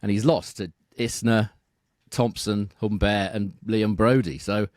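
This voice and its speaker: A man talking tennis betting on a podcast, steady and measured, reeling off statistics and asking tag questions. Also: lowish voice, no room sound, studio quality. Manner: measured, reels off stats, asks tag questions. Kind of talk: casual podcast analysis.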